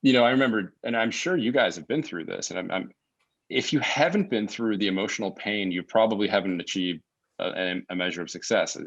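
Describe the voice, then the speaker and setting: Low-voiced male guest, reflective, talks in stops and restarts, muffled call audio. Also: brisk. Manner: reflective, searching for words with many restarts. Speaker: podcast guest. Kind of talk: casual conversational interview. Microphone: remote call mic.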